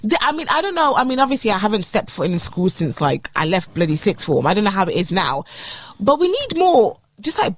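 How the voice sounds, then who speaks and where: A young woman co-hosting a podcast, chatting casually in slangy, expressive talk and mimicking teachers. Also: medium pitch, a little fast, few pauses. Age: young adult. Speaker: podcast co-host. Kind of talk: casual chat.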